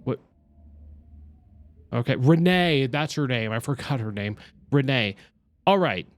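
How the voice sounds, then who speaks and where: A young male streamer plays a narrative game, giving casual let's-play commentary as he reads and voices the game's characters. His mid-range voice is unhurried and has no room sound, and he's animated and chatty, full of exclamations and talking to himself.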